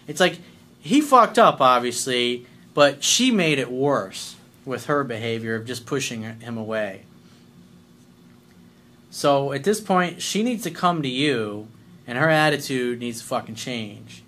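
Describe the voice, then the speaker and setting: A man's voice: mid-range voice, expressive, a little slow, bright, forceful tone. A man coaching listeners on dating in a blunt, emphatic, profane way. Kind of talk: advice monologue reading listener letters.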